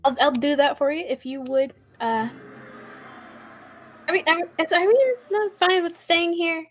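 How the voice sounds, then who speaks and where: Brief: playful woman player, fairly high voice, casual table talk. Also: fairly even intonation, unhurried. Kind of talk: tabletop game play, partly in character.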